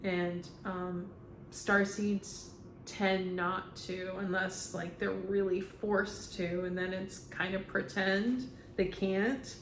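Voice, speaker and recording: A woman working as a spiritual medium, talking through a channeling session in a halting way with many ums as she relays what a spirit tells her. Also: mid-range voice, little pitch movement. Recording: echoey room, faint background hum.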